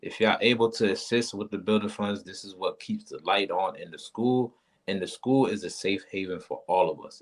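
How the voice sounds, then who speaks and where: Laid-back, low-voiced man talking to a class. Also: fairly quick. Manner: laid-back, slangy, addresses the group directly. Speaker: class member adding announcements. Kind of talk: casual chat.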